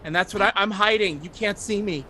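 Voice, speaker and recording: A man's voice: high-pitched, fairly quick, bright, forceful tone, slight background noise, pitched above the performer's own voice. A man voicing a timid, frightened young boy who stammers anxiously. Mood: scared, pleading.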